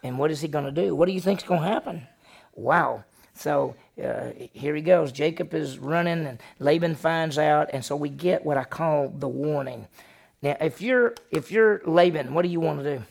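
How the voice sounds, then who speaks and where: A man's voice: a little high, moderate pace, vocal fry. A middle-aged male pastor preaching a sermon in a conversational way, often asking his listeners questions. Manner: conversational, asks the audience questions. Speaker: senior pastor.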